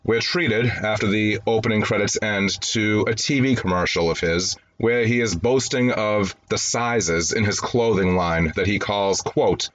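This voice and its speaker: A man hosting a movie review show, talking through film setups in a chatty, wry way with quick asides. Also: lowish voice, a bit bright, a little hiss or hum. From grew up in an Italian-American home. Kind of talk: conversational film review monologue.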